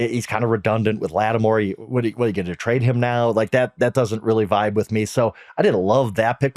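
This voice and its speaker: A man who writes about sports, chatting on a podcast in a measured, conversational way with frequent restarts. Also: mid-range voice, darkish tone, dry recording, clean studio sound. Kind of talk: casual sports podcast chat.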